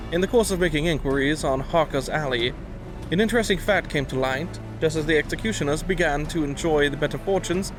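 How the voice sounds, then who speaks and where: A man reading the lines of a composed young male scholar from a video game, calm and explanatory. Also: a little high, natural voice. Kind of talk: reading game dialogue aloud.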